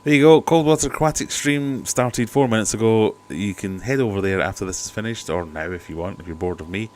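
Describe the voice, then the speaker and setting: Here an aquarium channel host chats a little fast in a lowish, slightly mellow voice during a casual home livestream. He stays skeptical and talkative with jokey asides, using a cheap desk microphone.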